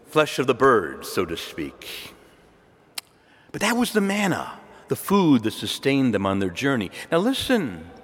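A man preaching a sermon in a lively, conversational storytelling way, acting out quoted dialogue. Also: mid-range voice. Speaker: Catholic preacher. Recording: long hall reverb.

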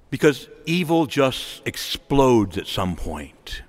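A man's voice: fairly high pitch, very animated, moderate pace. A middle-aged man preaching a sermon, impassioned and rising to emphatic exhortation.

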